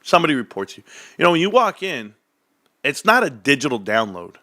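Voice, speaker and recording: A man's voice: a little high, sing-song, a little fast, bright, forceful tone, no room sound, clean studio sound. A man in his forties rambling and joking to his viewers in a casual rant. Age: 40s. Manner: rambling, joking, tangent-prone. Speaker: stock market vlogger.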